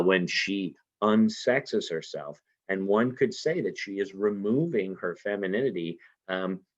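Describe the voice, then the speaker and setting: A man teaching literature in a conversational lecture, often asking rhetorical questions and adding "right?" as he explains. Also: on the low side. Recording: dull lo-fi recording.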